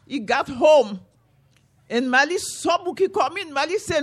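A woman from Haiti telling a folktale to an audience, animated, with repeated chanting phrases. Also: high voice, measured pace. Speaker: storyteller, author.

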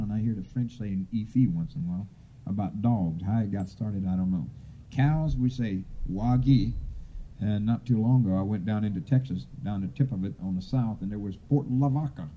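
A man from Florida giving an informal oral history talk, unhurried and rambling, with frequent hesitations. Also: on the low side, warm tone, a little hiss or hum. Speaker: tribal speaker. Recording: dull lo-fi recording.

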